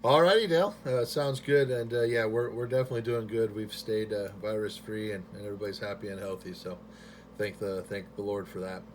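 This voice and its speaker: A man chatting on ham radio from his home station into a boom mic, relaxed and friendly with lots of fillers. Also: fairly quick, noisy background. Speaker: amateur radio operator. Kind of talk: ham radio contact chat.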